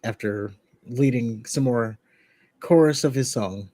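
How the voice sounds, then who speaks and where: A man's voice: medium pitch, takes it slowly, mellow, no echo. A man co-hosting a podcast, recapping a wrestling show in casual, rambling chat with restarts and laughs. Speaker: podcast co-host.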